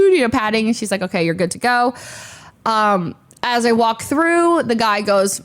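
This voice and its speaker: Animated young woman telling a story. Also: fairly high pitch. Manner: animated, fast anecdote with sound effects and quoted voices. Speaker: streamer. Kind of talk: casual storytelling.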